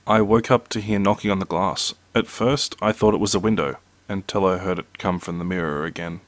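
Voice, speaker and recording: A man with a fairly low voice reads short horror stories one after another. He takes them slowly and evenly. The sound is dry and close, with no room around it. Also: fairly even intonation, no room sound. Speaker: narrator. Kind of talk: reading scary two-sentence stories.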